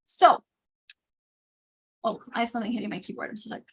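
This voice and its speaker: A woman hosting a casual live makeup tutorial, chatty and animated, often interrupting herself. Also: on the high side, fast, vocal fry. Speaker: makeup demo host.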